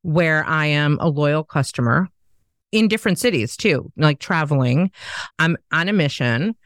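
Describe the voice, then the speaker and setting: A woman's voice: low-pitched, measured pace, no echo, clean studio sound. A woman host, chatting in a casual interview and acting out the dialogue in her stories. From Southern United States. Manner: animated storyteller who acts out quoted dialogue. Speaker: podcast host.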